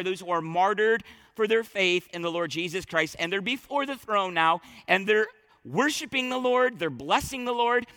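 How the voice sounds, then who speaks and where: A man's voice: sits high, pushed and bright, no room sound, in a large hall. A man preaching a sermon, emphatic and fervent, often repeating words as he starts a phrase. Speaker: pastor.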